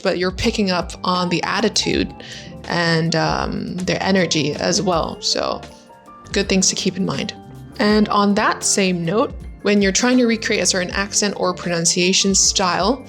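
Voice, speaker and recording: Bright, positive young woman teaching pronunciation. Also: medium pitch. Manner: bright and positive, demonstrates sounds slowly. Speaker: language-learning YouTuber. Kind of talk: casual teaching vlog.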